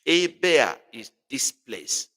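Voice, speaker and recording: Nigerian male tutor, bright and forceful, playful, calls students by name, long room reverb. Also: mid-range voice, big pitch swings, slow pace. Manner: teasing, repeats phrases, calls on students by name. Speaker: language tutor. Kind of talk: live online class.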